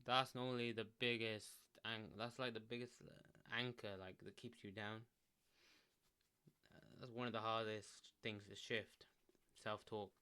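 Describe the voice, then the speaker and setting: Relaxed low-voiced man rambling advice. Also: unhurried, clean tone. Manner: rambling, lots of "like", restarts, relaxed. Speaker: self-help vlogger. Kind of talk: casual solo advice talk. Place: indoors, sitting in a chair. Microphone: desk microphone.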